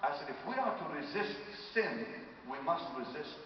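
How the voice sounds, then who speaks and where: Dramatic preacher guy, big swings in pitch, booming hall, dull lo-fi sound. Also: very animated. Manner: dramatic, slows for emphasis, rising to shouts. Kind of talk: sermon. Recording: distant echoey hall with noise.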